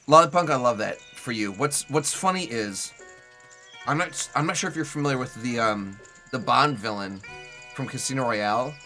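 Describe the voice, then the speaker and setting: Young male streamer, bright and forward tone, loose rambling commentary over quiet game music. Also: medium pitch. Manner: rambling, chatty, heavy on "like" fillers. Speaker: Twitch streamer playing a video game. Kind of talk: casual live gameplay commentary.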